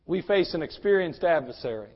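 A middle-aged man preaching a sermon in a church as pastor, swinging from fervent shouts to hushed, intimate tones. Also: a little high, lively intonation, a little fast. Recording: dull lo-fi sermon recording.

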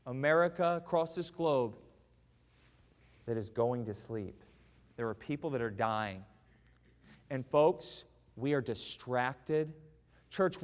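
A male pastor preaching a sermon, swinging from quiet, hushed lines to loud, impassioned peaks. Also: a little high. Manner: rises to loud impassioned preaching, then drops soft. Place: church sanctuary. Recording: long church hall reverb.

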